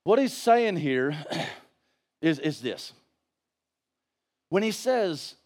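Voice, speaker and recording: Pastor on a church stage, high voice, preaching with fire and hushed asides, lots of repeats and rhetorical questions. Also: male voice, very animated, drawn-out words, long pauses. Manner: emphatic preaching, swings from shouting to hushed. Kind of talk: sermon.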